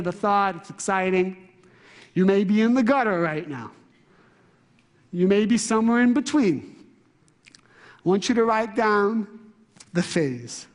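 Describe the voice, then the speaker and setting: A man giving an animated, interactive lecture to a live class, asking the room questions and shifting his voice often. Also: sits high, big-room sound. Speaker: spiritual teacher.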